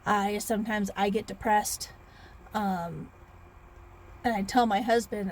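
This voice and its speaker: A woman's voice: medium pitch, steady tone, slow, long pauses, a little hiss or hum. A woman in her thirties, chatting casually in a rambling vlog with restarts and sighs. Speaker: author vlogger.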